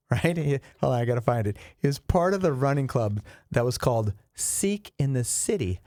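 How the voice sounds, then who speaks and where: A man's voice: medium pitch, normal speed, no room sound, clean studio sound. A man co-hosting a podcast, telling jokes and stories in casual banter. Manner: joking, animated storyteller. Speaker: podcast co-host.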